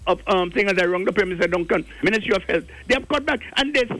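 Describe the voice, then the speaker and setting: A man's voice: sits high, animated, fast talker, fairly bright tone, no room sound, poor audio. An older man from Grenada, calling in to a radio show with impassioned, preachy commentary and repeating key words for emphasis.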